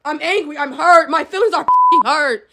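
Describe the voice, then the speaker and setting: A woman with a very high, wildly swinging voice, furious and close to tears as she rants. Loud noise runs under the whole clip. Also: wildly swooping pitch, moderate pace. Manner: shouting, furious, tearful. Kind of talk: angry rant clip.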